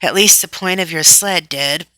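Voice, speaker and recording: A woman's voice: fairly low pitch, moderate pace, pushed and bright, no echo, pitched above the performer's own voice, rough recording. A woman reading aloud, voicing an injured schoolboy who pleads in pain. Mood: pained, pleading. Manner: pained, pleading.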